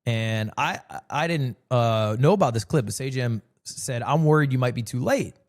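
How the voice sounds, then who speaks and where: A man streaming, telling jokey stories to his chat in a casual, animated way. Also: moderate pace. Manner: joking, animated storytelling with sudden pitch jumps.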